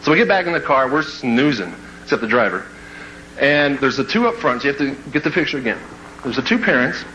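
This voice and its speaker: A man telling a comic personal story to a live audience, playful and lively, breaking into shouts and laughter. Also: mid-range voice, fast talker, slight background noise, low-quality recording. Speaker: motivational speaker.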